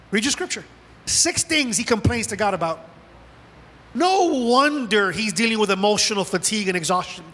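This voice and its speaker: Animated high-voiced male pastor preaching. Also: moderate pace, long reverb tail. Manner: animated preaching, acts out dialogue with God. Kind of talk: sermon. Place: church sanctuary.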